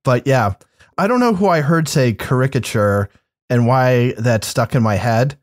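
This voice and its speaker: Male podcast co-host, relaxed, self-deprecating, dry close sound. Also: mid-range voice, measured pace, no room sound. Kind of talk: casual chat.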